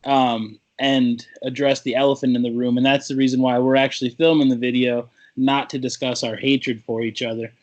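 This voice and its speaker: A man's voice: medium pitch, flat delivery, moderate pace, hardly any pauses, dull audio. A man co-hosting a casual talk show, trading playful insults with his partner. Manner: playful trash-talking banter. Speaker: podcast co-host. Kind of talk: casual chat.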